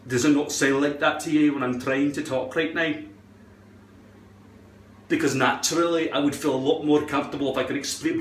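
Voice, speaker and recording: A man's voice: fairly high pitch, steady tone, brisk, a little hiss or hum. A man talking in a put-on Scottish accent, rambling and joking with a lot of swearing while he gives a hairpiece tutorial at home. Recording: roomy echo.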